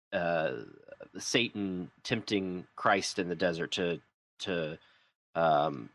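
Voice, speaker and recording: Man, low voice, podcast co-host, reflective, casual discussion. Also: fairly bright tone. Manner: reflective, builds long comparisons.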